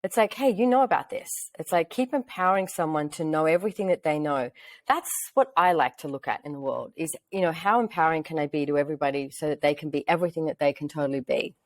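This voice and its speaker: An Australian woman hosts a podcast as a relationship facilitator, chatting casually and telling stories at a quick pace. She is animated, acting out quoted dialogue in a high voice, with no room sound.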